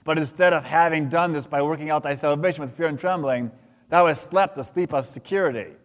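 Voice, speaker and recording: A man's voice: a little high, natural voice. A man reading the lines of a stern angel of judgment who scolds in solemn, archaic speech. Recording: long hall reverb.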